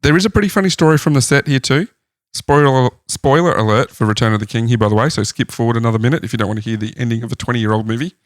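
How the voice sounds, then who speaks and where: A man with a middle-pitched voice leads a casual podcast chat, relaying facts in a relaxed tone. The sound is dry and close, with no room echo. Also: racing. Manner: relaxed retelling of researched facts. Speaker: podcast host.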